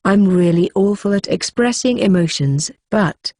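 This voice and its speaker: Reserved young adventurer, halting and plain, mellow dark tone, read by a woman narrator. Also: medium pitch, expressive, dry recording, studio quality. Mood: earnest. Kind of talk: audiobook character voice.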